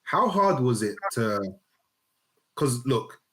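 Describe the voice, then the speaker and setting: A man's voice: medium pitch, sing-song, slow pace, fairly bright tone, slight background noise. A man hosting a fan podcast, laughing along and asking long, loose follow-up questions. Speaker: podcast host, interviewer. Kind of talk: casual interview.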